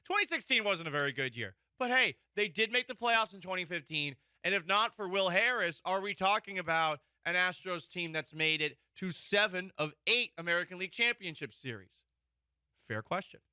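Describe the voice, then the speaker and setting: A man's voice: high-pitched, normal speed, clean tone, dry recording, studio quality. A man hosting a sports talk show, opinionated and joking. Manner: animated, mock-emotional, joking.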